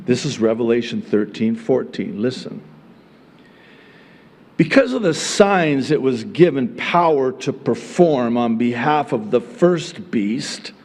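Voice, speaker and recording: Middle-aged man, pastor's sermon, slow deliberate delivery, emphatic bursts, folksy asides, reverberant hall. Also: mid-range voice, lively intonation. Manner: emphatic, swings from quiet teaching to loud exclamation.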